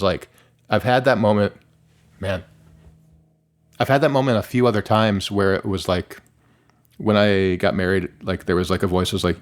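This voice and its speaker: A middle-aged man from Michigan, a musician guest, talking candidly and rambling with many restarts and fillers. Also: lowish voice. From Michigan, USA. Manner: rambling, self-interrupting, many "like"s. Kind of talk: candid conversational interview.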